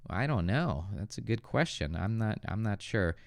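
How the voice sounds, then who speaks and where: A man's voice: on the low side, lively intonation, normal speed, creaky, no room sound, studio quality. An American man hosting a casual livestream, teaching English and answering viewer questions, thinking aloud with hesitant restarts.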